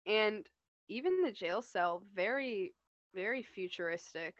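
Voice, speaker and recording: A woman's voice: mid-range voice, expressive, a little slow, dull audio. A young woman co-hosting a podcast, chatting casually and relaxedly about a TV episode, giggling and using fillers. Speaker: podcast co-host.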